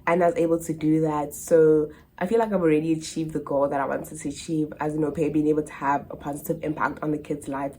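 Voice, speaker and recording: A woman's voice: deep voice, warm tone. A young South African woman in her twenties, an au pair answering viewer questions in a casual vlog, chatty and full of "like" and "literally". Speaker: au pair vlogger.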